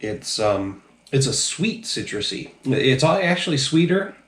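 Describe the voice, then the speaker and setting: A man's voice: medium pitch, sing-song, a little slow, fairly bright tone, roomy sound. A man casually reviewing drinks on his channel, a little tipsy, talking loosely and profanely with lots of ums. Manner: loose, profane, rambling with many fillers.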